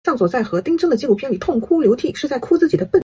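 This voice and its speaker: A woman giving analytical commentary in a brisk, knowing, critical way. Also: sits high, expressive, warm tone, breathy edge. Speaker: online commentator.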